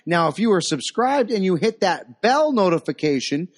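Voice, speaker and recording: Excitable male co-host, swings pitch widely, profane casual banter. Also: moderate pace. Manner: animated, laughing, swearing storyteller. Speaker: podcast co-host. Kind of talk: casual chat.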